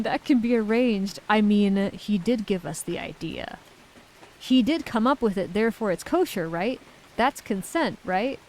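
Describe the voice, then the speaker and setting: A woman's voice: mid-range voice, a little mellow, low-quality recording. A woman streamer in casual chat, reading viewer messages aloud and giggling often.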